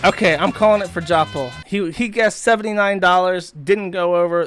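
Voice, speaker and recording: A male streamer rants in a profane, mocking, rambling way, his voice sitting a little high. The close mic sounds dry, with faint music under him. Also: moderate pace, hardly any pauses, a bit bright, no echo. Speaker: streamer host. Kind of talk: livestream commentary rant.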